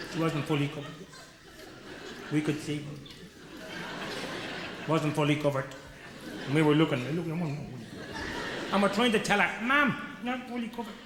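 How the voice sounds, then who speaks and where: A man with an Irish accent doing stand-up, telling jokey anecdotes and acting out the people in them. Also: on the high side. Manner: jokey anecdotes, acts out characters, laughs along. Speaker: stand-up comedian. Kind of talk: live stand-up storytelling. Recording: echoey hall with background noise.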